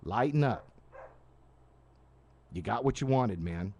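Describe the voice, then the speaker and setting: Male radio host, late-night live rant, animated pitch, casual and rambling. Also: slow, slightly rough. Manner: animated, casual, frequent restarts and asides. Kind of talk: live ranting monologue. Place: live stream studio at night.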